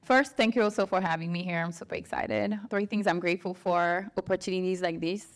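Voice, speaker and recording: A woman's voice: on the low side, a little fast. A woman from France, a guest on a live podcast interview, talking candidly and animatedly and often tagging lines with "right?" and "you know?". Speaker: interview guest, dance business founder. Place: live event room.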